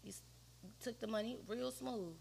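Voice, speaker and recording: Husky-voiced woman telling a story. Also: fairly high pitch, normal speed, a little mellow. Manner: slangy, conversational, often quoting others. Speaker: podcast guest. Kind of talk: candid personal storytelling.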